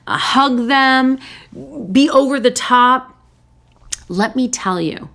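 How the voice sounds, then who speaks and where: A woman hosting a relationship advice talk and speaking straight to her listeners. She uses short, punchy, repeated phrases. Every so often she breaks into excited, high-pitched voices to act out joyful greetings. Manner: lively, bursts into excited high voices when acting out greetings. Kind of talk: direct advice talk to camera.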